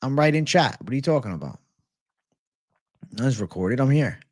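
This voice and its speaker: A man's voice: medium pitch, animated, normal speed, a little mellow, no echo, studio quality. A man hosting a live sports betting show, chatting casually and swearing freely while he talks straight to his live chat. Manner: laid-back, slangy, swears freely.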